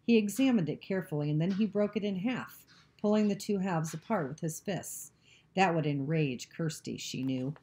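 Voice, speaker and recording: A woman reading a novel aloud, narrating in a steady, even way. Her voice sits very low for a woman, with a warm, mellow tone. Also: moderate pace.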